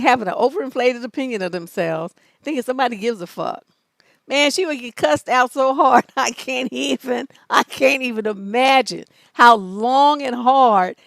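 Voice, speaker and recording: A high-pitched woman relationship coach hosts a live-stream advice show, reading out viewer letters. She answers in a blunt, profane, scolding way. Her voice is recorded close and dry, with no room sound. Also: vocal fry, fairly bright tone, dry recording. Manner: mocks letters in an exaggerated high voice.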